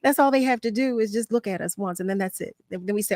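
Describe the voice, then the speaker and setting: A woman's voice: mid-range voice, fast, darkish tone, no echo, studio quality. A woman hosting a radio talk show, chatting effusively and repeating phrases with affection. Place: radio studio.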